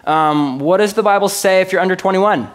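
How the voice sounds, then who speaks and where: A pastor in his thirties preaches in a relaxed, joking style, frequently checking in with the congregation. His voice sits high and moves a little fast.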